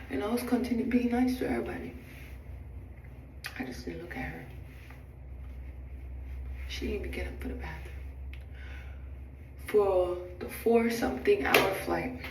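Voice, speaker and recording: A young woman, a flight attendant, telling a dramatic story from her job in a sassy, animated way while doing her makeup, acting out what people said. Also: medium pitch. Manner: animated, dramatic retelling with acted-out quotes; blunt, sassy asides. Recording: roomy, distant, noisy background.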